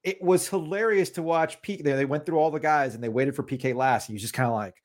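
A man's voice: a little high, brisk, hardly any pauses. Chatty joking man on a sports podcast. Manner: animated, joking, many "like" fillers. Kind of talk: casual sports chat.

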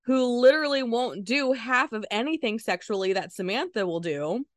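A woman's voice: on the high side, animated, moderate pace, dry recording. Blunt woman podcast host, dry sound. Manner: blunt and candid, swears freely. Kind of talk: casual chat. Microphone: studio microphone.

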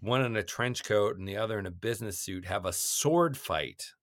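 A man co-hosting a casual movie discussion, animated, with acted-out reactions. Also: fairly low pitch, normal speed, dry recording, studio quality. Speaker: podcast co-host.

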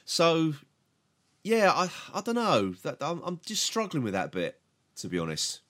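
A man's voice: a little high, huge pitch swings, unhurried, a bit bright. A British man co-hosting a podcast, casually reviewing an episode, hesitant and full of repeated words and grumbles. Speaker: podcast co-host.

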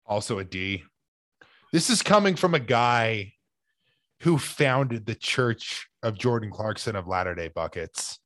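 A young man co-hosting a casual sports podcast, talking players over in a loose, animated way with lots of fillers. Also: on the low side, a little slow, dry recording. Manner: animated, speculative, many "like" fillers.

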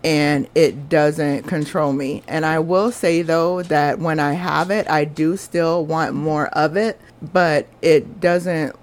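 A woman's voice: low voice, fairly even intonation, slow pace. A woman, hosting a podcast and telling a personal story in an earnest, confessional, chatty way. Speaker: podcast host.

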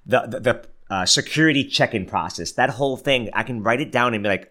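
A man's voice: medium pitch, fairly quick, few pauses, pushed and bright. A man in his thirties hosting a podcast, telling a personal story in a chatty, self-mocking way with lots of filler words. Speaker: podcast host. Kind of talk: casual motivational monologue.

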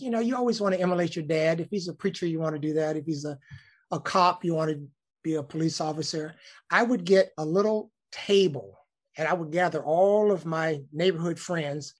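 Husky man telling a story. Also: on the high side. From Alabama, United States. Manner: animated storyteller, acts out quoted voices. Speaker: news cameraman. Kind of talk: storytelling in a casual interview.

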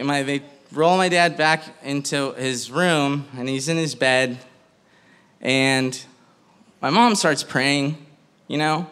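A man tells a stand-up story in a chatty, loose way. He laughs through his own punchlines and talks at a mid pitch. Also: fairly bright tone, smooth. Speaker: stand-up comedian.

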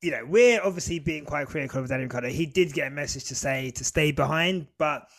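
A man's voice: on the high side, fast. A man hosting a sports podcast in casual chat, pushing his guests with playful questions. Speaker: podcast host.

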